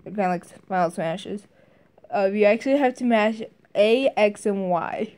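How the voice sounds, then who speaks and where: A woman's voice: normal speed, darkish tone. A woman casually reviewing a video game, hesitant, with lots of fillers and restarts. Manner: briefly mimics game character lines in higher voices.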